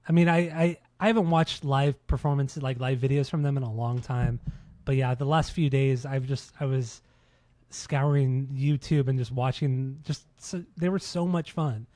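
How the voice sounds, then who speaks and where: A man's voice: medium pitch, dark tone, dry recording. A man co-hosting a podcast in casual chat, joking, swearing and riffing off his co-host.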